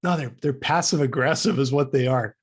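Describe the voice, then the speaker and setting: Brisk and breathy-edged, this man's mid-range voice carries a casual story on the podcast he co-hosts. He's from Canada and tells it with animation, acting out the dialogue, restarting often and stammering on repeats.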